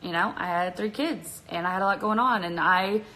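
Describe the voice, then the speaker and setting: A woman's voice: lowish voice, normal speed, pushed and bright, poor audio. A young woman chatting on a phone livestream, nervous and chatty, laughing often. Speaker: vlogger on a livestream. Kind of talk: casual livestream chat. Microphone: phone at arm's length.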